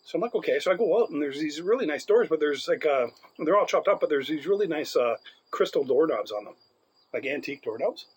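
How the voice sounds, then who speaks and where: A man's voice: fairly high pitch, lively intonation, fairly quick, slightly rough, poor audio. A man co-hosting a casual podcast, telling a long story in a rambling way and laughing often. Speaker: podcast co-host.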